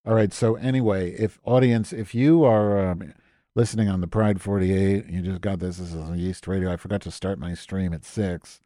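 A man's voice: low voice, fairly even intonation, moderate pace, warm tone, no echo, studio quality. A man hosting a live stream, ranting with exasperated, profane sarcasm as he comments on his screen. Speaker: podcast host.

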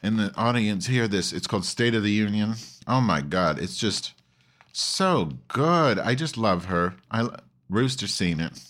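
A man's voice: on the low side, animated, unhurried, fairly bright tone. A man hosting an online call-in show, rambling in a campy, profane, loose way with many restarts. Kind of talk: casual rambling monologue.

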